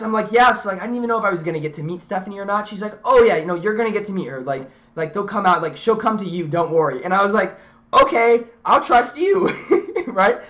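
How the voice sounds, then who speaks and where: Excitable young woman rambling on stream. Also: mid-range voice. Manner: rambling, excitable, many restarts and "like"s. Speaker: live streamer. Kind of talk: casual storytelling to a live chat.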